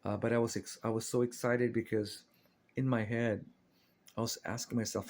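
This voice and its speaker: A man's voice: mid-range voice, little pitch movement, moderate pace, darkish tone. A man telling a personal story in a casual, rambling, earnest way, often restarting his sentences.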